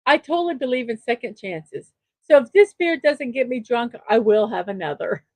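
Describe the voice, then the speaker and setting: High-voiced woman chatting on a livestream. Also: lively intonation, moderate pace, dry recording. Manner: chuckles at her own jokes, chatty and upbeat. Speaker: livestream show host. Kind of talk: casual livestream chat reading memes.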